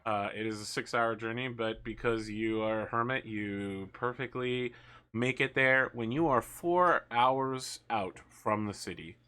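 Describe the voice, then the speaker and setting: Bright-voiced teasing male game master. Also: mid-range voice, a little slow, clean tone. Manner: teasing, jokey banter mixed with narration. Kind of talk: running a tabletop game for friends.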